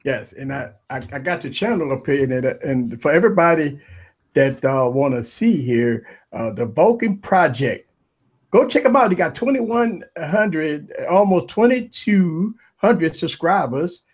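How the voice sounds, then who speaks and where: A man hosting a live tech talk stream, giving loud shout-outs to viewers and panelists in casual, hyped chat. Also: fairly high pitch, measured pace. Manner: hype, repetitive shout-outs, animated. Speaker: livestream tech show host.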